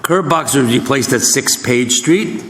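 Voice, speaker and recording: A man's voice: medium pitch, lively intonation, unhurried, a bit bright, slight background noise. A man council member reading out department reports in a matter-of-fact way. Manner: matter-of-fact, listing items. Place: borough council chamber. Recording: roomy echoey council chamber.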